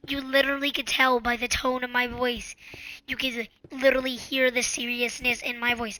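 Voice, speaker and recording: A woman hosting her own channel, giving casual advice in an earnest, pleading, repetitive way and sometimes dropping into soft whispers. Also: on the high side, little pitch movement, normal speed. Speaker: channel host.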